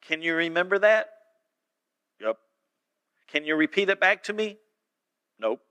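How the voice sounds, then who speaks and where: Pastor man telling a story in his sermon, folksy, high bright voice. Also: sing-song, a little slow, smooth.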